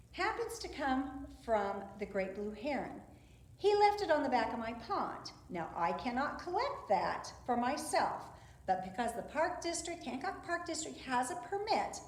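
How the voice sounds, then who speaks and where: A middle-aged woman with a fairly high voice gives a gentle, chatty nature lesson for children. She talks softly to her pet birds between explanations. The room around her is echoey. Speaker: park district program specialist. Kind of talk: educational talk for children.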